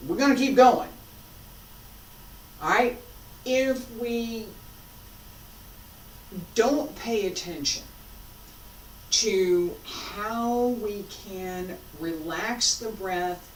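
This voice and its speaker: A woman teaching a martial arts class, calmly coaching breath and movement and repeating cues. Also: medium pitch. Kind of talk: class instruction while practicing. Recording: roomy, from a distance with faint noise.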